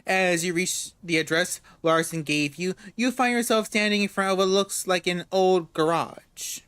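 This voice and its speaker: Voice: medium pitch, moderate pace, fairly bright tone, clear, resonant tone, dry recording. A let's-play host reading a story game's narration aloud in a casual way, with joking asides.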